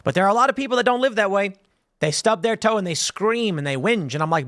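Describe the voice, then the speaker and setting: A man's voice: high-pitched, lively intonation, fast talker, a bit bright, no room sound, clean studio sound. A man in his thirties hosting a live-stream show, rambling through casual commentary with frequent restarts and a conversational tone. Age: 30s. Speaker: show host.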